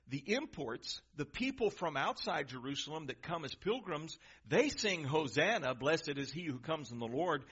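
A man preaching a sermon in a church, emphatic, asking the congregation questions and swinging from loud to soft. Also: a little high, sing-song, moderate pace, hardly any pauses, slightly rough, lo-fi sound. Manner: emphatic, varies volume, asks the crowd questions.

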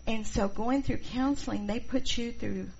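A middle-aged woman teaching a church class, expressive and acting out the people she quotes. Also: on the high side, normal speed, vocal fry. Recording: dull lo-fi recording, faint noise.

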